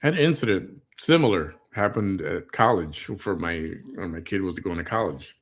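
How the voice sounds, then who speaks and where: Low-voiced guy doing a reaction vid, blunt, kinda fired up. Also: expressive, moderate pace. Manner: blunt and indignant, tells stories. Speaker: host. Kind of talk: casual reaction commentary.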